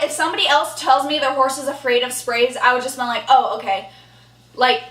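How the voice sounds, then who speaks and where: A woman's voice: high-pitched, pushed and bright, recorded from a distance. Young woman, indignant storytime rant, blunt, swears, slightly off-mic, echoey room. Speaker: horse vlogger.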